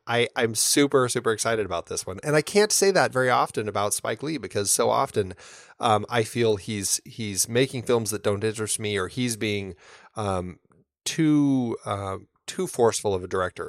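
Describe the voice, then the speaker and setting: Low-voiced chatty podcast co-host man. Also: gravelly, dry recording, clean studio sound. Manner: enthusiastic, chatty, many fillers and restarts. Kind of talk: casual chat.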